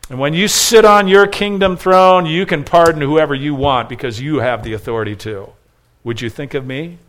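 Man, preacher, sermon, fairly high-pitched, earnest, emphatic, loud then hushed, repeated short phrases. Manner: earnest and emphatic, swinging between loud stresses and hushed pleading. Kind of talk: expository sermon.

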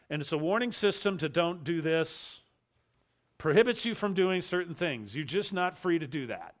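A man's voice: a little high, a bit bright. Emphatic preacher, a man. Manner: emphatic, repeats key phrases, slows for stress. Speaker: pastor. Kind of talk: expository sermon.

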